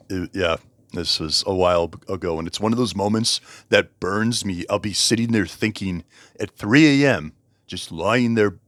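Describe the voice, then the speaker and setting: Man, very low voice, dry close sound, casual book review, rambling, self-correcting. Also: fairly bright tone, dry recording. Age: over 20.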